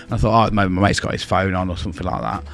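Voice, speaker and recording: A man's voice: sits low, fairly even intonation, very fast, a bit bright, faint music behind. A young English man with an English accent telling a ghost story in casual podcast chat, swearing often and acting out what was said. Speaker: podcast co-host.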